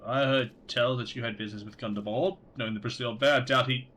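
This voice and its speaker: A man's voice: mid-range voice, fairly even intonation, quick pace, fairly bright tone, close to an everyday voice. A man reading aloud as an earnest, helpful male guard captain from a game, in a plain voice with a mild dramatic lift.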